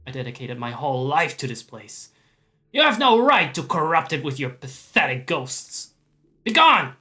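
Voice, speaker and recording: Raspy enraged game guardian, yelling, bright edge. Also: male voice, mid-range voice, steady tone, a little slow. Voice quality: raspy, strained shouting. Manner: yelling threats, hurling insults. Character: furious raspy male zone guardian, territorial and shouting. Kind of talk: reading game dialogue aloud.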